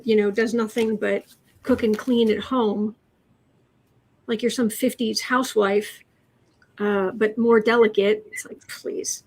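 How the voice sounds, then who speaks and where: A woman hosting a casual tarot reading chat, talking haltingly with fillers and restarts. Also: fairly high pitch, darkish tone. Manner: mimics the person she reads about. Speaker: host, tarot reader.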